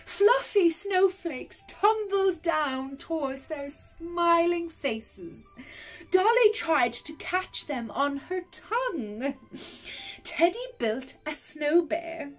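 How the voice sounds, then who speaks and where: A woman reading a picture book aloud to young children in a gentle, expressive way. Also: very high voice, takes it slowly, soft background music. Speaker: storyteller for pre-school children.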